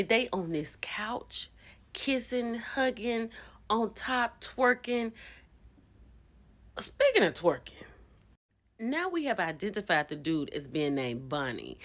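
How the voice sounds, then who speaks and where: Animated, gossipy woman recapping a show. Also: lowish voice, slow pace. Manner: gossipy and expressive, acts out quotes, bursts into laughter. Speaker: host recapping a reality show.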